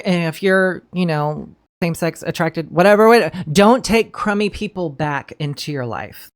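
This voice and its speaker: Chatty woman reviewing a TV show. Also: fairly low pitch. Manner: chatty, swears freely, addresses viewers as y'all. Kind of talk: casual commentary.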